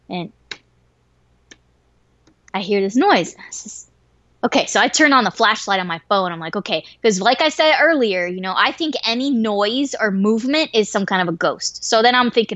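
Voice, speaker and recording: A woman telling a wild story in casual chat, swearing freely and getting animated and excitable. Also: medium pitch, brisk, no room sound. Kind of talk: casual story told to a listener. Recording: dry, slightly dull lo-fi recording.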